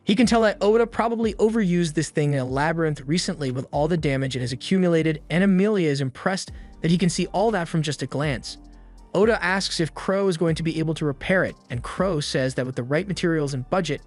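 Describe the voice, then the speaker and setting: Man narrating a recap over faint music. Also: fairly high pitch. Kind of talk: scripted anime recap narration.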